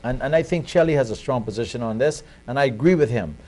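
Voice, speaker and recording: A man's voice: mid-range voice, fast, a little mellow, low-quality recording. A man with a Bahamian accent, a guest on a talk show, making his points in an earnest, emphatic way with some restarts.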